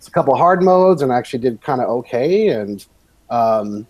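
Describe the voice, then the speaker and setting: A man's voice: mid-range voice, animated, normal speed, husky, no echo, highs cut off. Rambling man on a gaming podcast. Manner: rambling, meandering. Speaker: podcast co-host. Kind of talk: casual chat.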